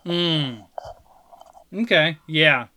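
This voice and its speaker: Brief: talkative man, fairly high bright voice, loose rambling chat with big laughs. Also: very slow, a little hiss or hum. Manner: rambling, laughs loudly, restarts often; mimics game voices in retelling. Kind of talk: casual chat.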